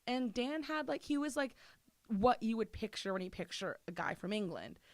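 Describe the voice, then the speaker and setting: A woman's voice: on the high side, animated, moderate pace, no room sound. Laughing, swearing woman guest. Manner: laughs often, swears freely, mimics people. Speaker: interview guest. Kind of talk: casual podcast chat.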